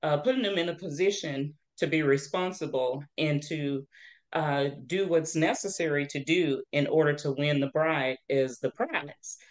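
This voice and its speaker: A woman's voice: low voice, normal speed. A woman hosting a casual faith-based interview, speaking over a video call. She is chatty and conversational, slipping into small preachy asides and leaning on "you know" as she goes. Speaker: podcast host.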